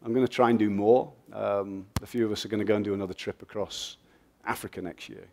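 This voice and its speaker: A middle-aged man from England with an English accent, giving a lively, joking and blunt motivational talk at a festival, answering audience questions. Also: lowish voice, fast talker, vocal fry, slight background noise. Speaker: guest speaker.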